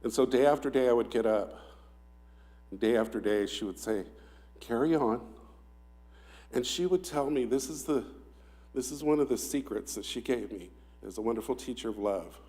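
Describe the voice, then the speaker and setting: A middle-aged man giving a memorial tribute to his mother, telling stories in a reflective, halting way that sometimes drops very soft. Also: medium pitch. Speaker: son giving a eulogy.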